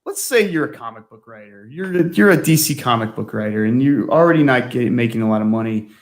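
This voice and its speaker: A man's voice: medium pitch, lively intonation, quick pace. A man guest telling stories in a casual chat, often laughing and filling with "like". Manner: chatty storyteller, laughs often, fills with "like". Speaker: guest, former magazine staff writer.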